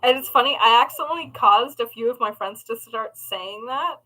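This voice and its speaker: A young woman with a bright, sharp-edged voice that sits a little high, talking casually while she works on a craft at home. She rambles from thought to thought, swears freely and laughs at herself as she goes. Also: a little fast, low-quality recording. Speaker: crafting livestream host.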